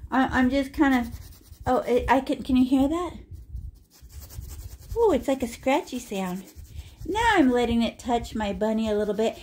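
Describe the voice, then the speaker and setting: A woman teaching a painting lesson for kids, chatty and exclaiming, with sing-song word play. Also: high-pitched. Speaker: art teacher. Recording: echoey room with faint noise.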